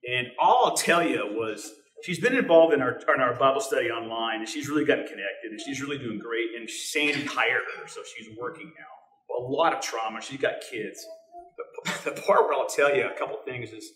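A middle-aged man, a teacher, telling personal stories at church in a conversational, halting way, full of restarts and fillers. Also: mid-range voice, expressive, fairly bright tone. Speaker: teacher sharing a testimony. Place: church sanctuary. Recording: roomy church hall, voice from some distance.

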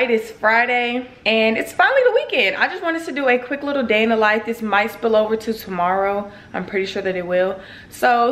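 A woman's voice: on the high side, fairly bright tone, echoey room, a little hiss or hum. Chatty young woman vlogging at home. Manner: chatty and laid-back, talks straight to viewers as "y'all". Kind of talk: casual vlog chat to camera. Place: at home, indoors.

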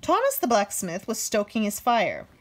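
Lively woman reading a picture book aloud. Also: a little high, moderate pace. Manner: acts out characters with raised voices. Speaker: storybook reader.

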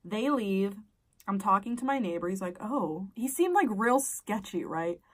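A woman's voice: mid-range voice, lively intonation, moderate pace, far from the mic, rough recording. A young adult woman telling a personal story casually while eating, blunt and profane, her voice shooting way up when she gets worked up.

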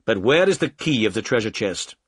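A man as a brisk, commanding detective. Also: on the low side, sing-song, a bit bright, husky, dry recording, studio quality, full character voice. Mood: probing.

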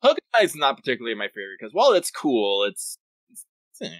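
A man's voice: medium pitch, huge pitch swings, fast, dry recording, rough recording. A man co-hosting a podcast in casual, rambling chat, swearing freely and often cutting himself off mid-sentence. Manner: rambling, profane, self-interrupting. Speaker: podcast co-host.

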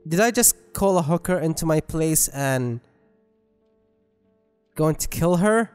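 A man's voice: fairly high pitch, lively intonation, unhurried, darkish tone, clear, resonant tone. A man commentating on gameplay, joking and rambling with self-mocking asides. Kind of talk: let's play commentary. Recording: long reverb with game music.

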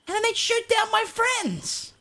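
A woman playing a brash young male outlaw, cursing through an animated roleplay story. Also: extremely high pitch, a little slow, slight background noise, voice pushed up, full character voice. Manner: swears constantly, animated storytelling. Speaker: roleplay streamer.

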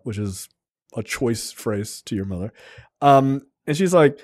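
A man's voice: medium pitch, lively intonation, a little slow, a little mellow, no room sound, clean studio sound. A man co-hosting a casual movie review podcast, recapping scenes in a rambling, profane way with many filler ums. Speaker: podcast co-host.

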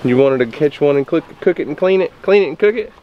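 A man in his thirties with an Oklahoma accent, hosting a casual homestead vlog outdoors in a gentle, coaxing, teasing way. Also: fairly high pitch, lively intonation, fast talker, dull audio, a little hiss or hum. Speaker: homesteading vlog host and father. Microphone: camera-mounted shotgun mic.

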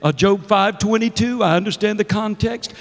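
A man's voice: high voice, moderate pace. A middle-aged man preaching as a guest minister, exuberant and laughing often, calling out to the congregation in a church. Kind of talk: sermon. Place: church sanctuary. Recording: long church reverb.

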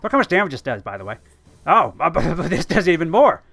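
A gamer giving excitable, sweary commentary over their own gameplay. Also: medium pitch, brisk, gravelly. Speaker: let's play gamer.

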